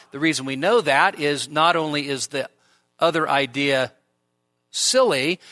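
A man's voice: a little high, sharp tone. A middle-aged man preaching an expository sermon in a church, earnest and emphatic, repeating phrases for stress. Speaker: pastor.

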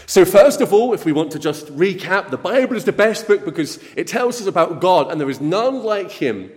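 A man's voice: high-pitched, big pitch swings, moderate pace, darkish tone. A man preaching a sermon to a congregation, speaking earnestly and often repeating his words as he addresses the young people. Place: church. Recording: long hall reverb.

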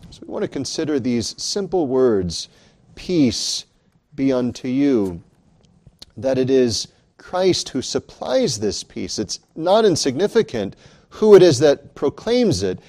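A man's voice: medium pitch, very animated, a little slow, warm tone. A man preaching a sermon in an earnest, emphatic way, rising dramatically on key lines.

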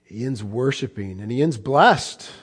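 A man pastor preaching a sermon, emphatic, with rhetorical questions and repetition, swinging between hushed and loud. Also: medium pitch, lively intonation, unhurried, breathy edge.

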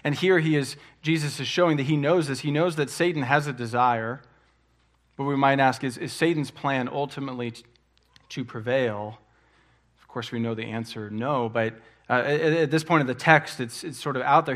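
A man preaching a sermon in an earnest, conversational way, often pausing with fillers. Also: mid-range voice, steady tone, fairly bright tone, reverberant. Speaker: pastor.

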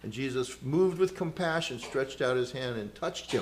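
A man preaching a sermon in an earnest, conversational way, moving between loud exclamations and hushed storytelling with casual asides. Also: mid-range voice, lively intonation, normal speed. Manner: conversational asides with fillers and chuckles.

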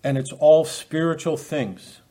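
A man's voice: a little high, unhurried, mellow. A man preaching an expository sermon, talking unscripted with frequent restarts and rhetorical questions to his listeners.

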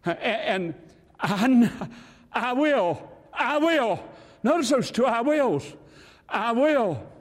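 An older man preaching with a husky, breathy edge and a lively, climbing pitch. He swings between raised passages and hushed ones, and his voice carries a long hall echo in the church. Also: slow pace. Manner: animated, swings from loud to hushed. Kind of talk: sermon.

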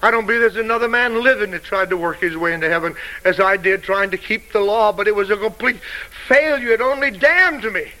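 Fervent older preacher man, bright high voice. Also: brisk, few pauses, rough recording. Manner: fervent, emotional preaching with wide swings in pitch and loudness; quotes scripture in old-fashioned King James wording. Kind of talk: sermon.

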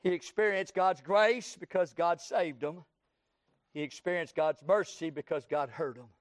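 High-voiced Southern preacher. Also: male voice, unhurried, no echo, clean studio sound. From Texas, USA. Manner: impassioned preaching that swings from loud cries to hushed tones. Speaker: pastor. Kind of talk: sermon with altar call.

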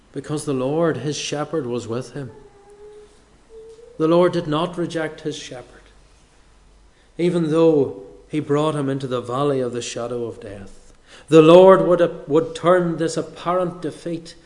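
A man delivering a sermon at an unhurried, deliberate pace. His voice sits a little higher than most men's, and he leans on pauses for weight. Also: a little mellow. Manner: slow, measured delivery with dramatic pauses. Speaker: preacher.

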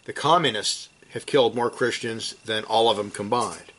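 A husky-voiced man preaches at a moderate pace, teaching from scripture. He presses his points emphatically, rising to forceful climaxes and then going low and quiet.

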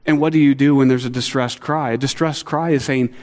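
A middle-aged man preaching a sermon, earnest and animated, acting out quotes with a lifted voice. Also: a little fast, few pauses. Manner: earnest, animated, acts out quotes with rising pitch. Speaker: pastor. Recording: long hall reverb.

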